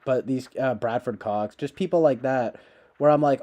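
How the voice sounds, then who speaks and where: This man's voice is mid-range and mellow, and he talks at a normal speed. He's loosely chatting to livestream viewers, drifting around with frequent fillers and restarts.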